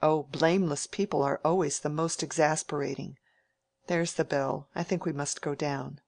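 A woman reading an audiobook and voicing a frank, dry-witted young woman in close to her own low voice. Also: fairly even intonation, normal speed, vocal fry, a little mellow, no echo. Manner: dry and blunt.

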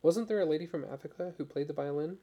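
A man voicing a tall, thoughtful young missionary who speaks slowly and musingly. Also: fairly high pitch, phone-quality sound, lightly acted.

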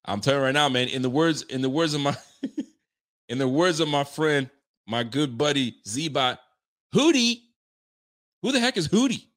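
A man hosting a casual live-stream about football, reading viewer comments, swearing, laughing and getting excited in fast slangy talk. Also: medium pitch.

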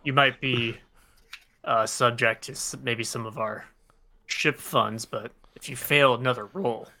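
A man's voice: mid-range voice, steady tone, unhurried, bright, forceful tone, slight background noise. A man playing a tabletop game, chatting casually and teasing the other players in a dry way.

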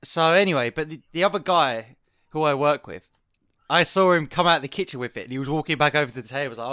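Guy telling a restaurant story, bright voice, quotes people all loud and animated. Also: on the high side, fast, clear, resonant tone, no echo, studio quality. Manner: animated, acts out quotes with rising exclamations. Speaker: podcast co-host. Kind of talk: casual storytelling chat.

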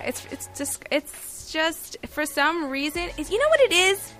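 Woman, comedian, bright tense voice, emphatic, stammering repeats. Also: high-pitched, big pitch swings, moderate pace, faint music behind. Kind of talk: casual panel chat.

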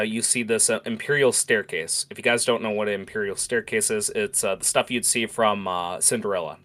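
A man's voice: on the low side, fairly bright tone. Casual male game master, lots of "uh"s. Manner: loose narration full of "uh" and "like". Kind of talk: narrating a tabletop game.

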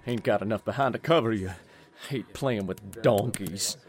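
An actor playing a rough, folksy, belligerent gambler. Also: male voice, lowish voice, normal speed, lightly acted. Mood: brash suspicious. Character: brash, hot-tempered American gambler man.

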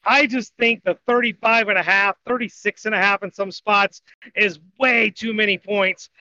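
Speaking at normal speed with fairly even intonation, this man's high-pitched voice sounds pushed and bright. As co-host of a sports betting podcast, he casually meanders through college football and baseball picks, revising them as he goes, on dull lo-fi audio with no room sound.

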